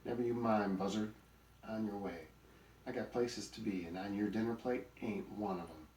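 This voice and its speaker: A man's voice: fairly low pitch, moderate pace, a little mellow, slight background noise, lightly acted. A man voicing a grumpy, greedy male donkey in a storybook, grumbling and sarcastic. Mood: irritated. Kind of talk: storybook character voice. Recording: roomy recording, mic at a distance.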